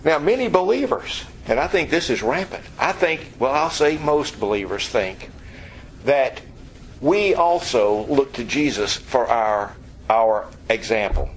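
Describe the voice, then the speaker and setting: A man's voice: mid-range voice, expressive, measured pace, slight background noise, rough recording. A man preaching a sermon, emphatic and direct, often asking his listeners rhetorical questions.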